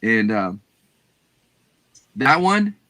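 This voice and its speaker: A middle-aged man with a Texan accent, casually telling a reselling story on a show, animated and acting out the people he quotes. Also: lowish voice, very slow, no room sound. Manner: animated, acts out quoted voices, swears casually. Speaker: guest reseller.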